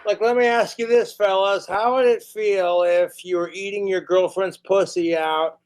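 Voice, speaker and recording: A man's voice: on the high side, vocal fry. A man streaming a vulgar, boastful rant, sometimes talking with his mouth full. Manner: vulgar, boastful, mock-tough; talks while chewing. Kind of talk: crude ranting livestream monologue.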